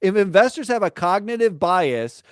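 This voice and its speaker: A man co-hosting a casual market-news podcast, animated and joking, often trailing off with fillers. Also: high voice, moderate pace, clean tone, no room sound, clean studio sound. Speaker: podcast co-host.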